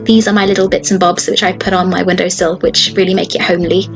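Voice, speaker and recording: A woman, narrating her morning routine in a relaxed, friendly voice-over with a few ums. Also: on the low side, fast talker. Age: early 20s. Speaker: vlogger. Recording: voice-over over clear guitar music.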